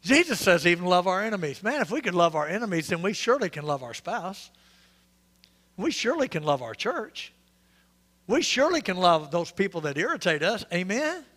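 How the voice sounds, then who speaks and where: A male pastor speaks in a large hall, his voice sitting high, bright, brisk and very animated. In the church sanctuary he preaches an interactive, joking sermon, chatting conversationally, quizzing the congregation and tossing in joking asides.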